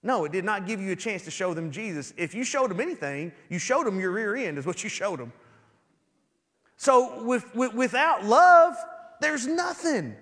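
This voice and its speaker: In a church sanctuary, a pastor delivers a highly animated sermon, slipping into small acted-out scenes to hammer home his points. His voice is high for a man, fairly bright and expressive, moving quickly with few pauses, and long reverb from the hall trails behind his words.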